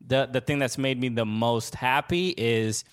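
A man co-hosting a casual sports talk stream, speaking haltingly with many restarts and fillers. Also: medium pitch, fairly even intonation, smooth. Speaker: podcast co-host. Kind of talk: casual chat.

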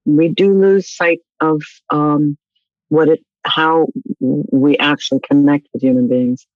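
A woman's voice: deep voice, steady tone, measured pace, dry recording, narrow, tinny audio. An older woman being interviewed as a guest, talking in a casual way with dry, wry humor.

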